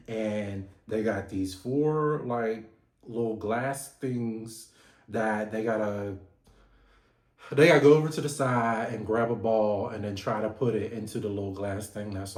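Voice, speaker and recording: A man giving an animated, gossipy casual recap of a reality TV episode, laughing often. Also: lowish voice, roomy sound.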